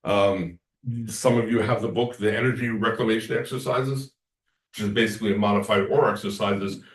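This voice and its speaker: A man's voice: on the low side, fairly quick. A man giving a casual lecture to a class, telling stories and acting out what people said. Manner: rambling storyteller, acts out quoted talk. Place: class room. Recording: echoey room from far off.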